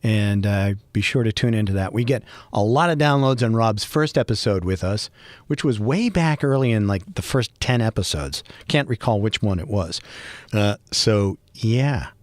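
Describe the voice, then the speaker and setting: Wry, rambling podcast host from Boston. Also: male voice, fairly low pitch, lively intonation, moderate pace, dry recording, clean studio sound. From Boston, USA. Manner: rambling, self-mocking, wry humor with bursts of mock yelling. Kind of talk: freeform solo podcast monologue.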